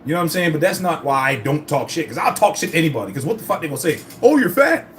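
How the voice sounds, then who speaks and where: A man with a fairly high voice races through a casual vlog about his fitness journey, with slight background noise behind him. He rambles and curses, telling his story with animation.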